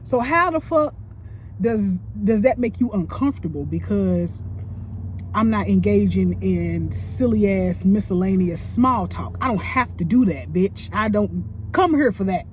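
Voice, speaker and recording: A woman who works as a cook, venting about her job in a profane, animated rant while she eats on camera, talking close into a phone. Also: unhurried, slight background noise. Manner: profane, animated, with big swings in pitch. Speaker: line cook. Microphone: phone held close.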